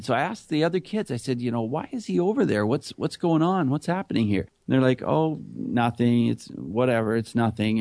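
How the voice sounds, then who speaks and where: A man's voice: medium pitch, a little mellow, dry recording, clean studio sound. A middle-aged man telling his story earnestly in a conversational interview. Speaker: guest, anti-bullying speaker.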